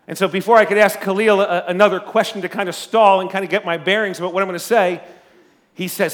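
Pastor, male, high-pitched, loud and animated, preaching through a story. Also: fast. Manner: loud speaking voice. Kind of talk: sermon.

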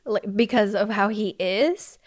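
Woman guest, Spanish first language, soft and giggly, casual conversational read. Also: mid-range voice, measured pace. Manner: soft, laughs often, many fillers. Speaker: podcast guest. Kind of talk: casual interview chat.

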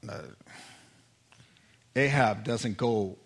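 A man preaching a sermon, telling stories with animated quoted voices and frequent laughter. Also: medium pitch, extremely slow, husky. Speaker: pastor.

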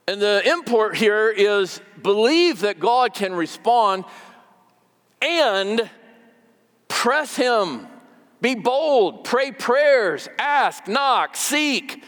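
A man's voice: high-pitched, lively intonation, very slow, fairly bright tone, long reverb tail. A man preaching a sermon as pastor, conversational and repeating words for emphasis.

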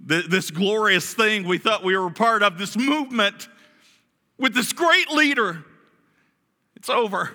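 A man preaching a sermon, telling a story dramatically, his voice swinging from hushed to loud as he acts out voices. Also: high voice, unhurried. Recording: long hall reverb.

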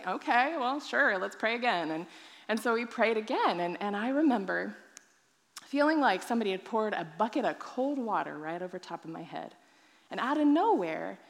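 Woman pastor giving her testimony, kinda high voice, big reverby church hall. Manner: animated storytelling, acts out her own past thoughts. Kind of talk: sermon testimony.

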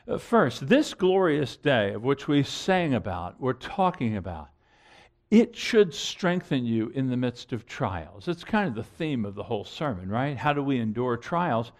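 A man's voice: mid-range voice, very animated, a little slow. A middle-aged man preaching a sermon in an earnest, emphatic way, repeating phrases and restarting sentences. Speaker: pastor.

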